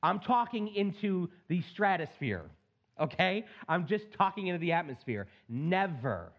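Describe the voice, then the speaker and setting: A middle-aged male pastor preaching a sermon in an animated, plain-spoken way with joking asides. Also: high-pitched, a little slow, muffled recording.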